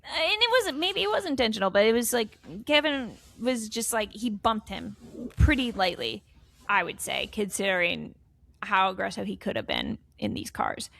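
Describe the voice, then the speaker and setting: A woman's voice: mid-range voice, sing-song, normal speed, creaky, fairly bright tone. A woman co-hosting a podcast, chatting casually about motorsport in a blunt, sweary way and laughing often. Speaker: podcast co-host.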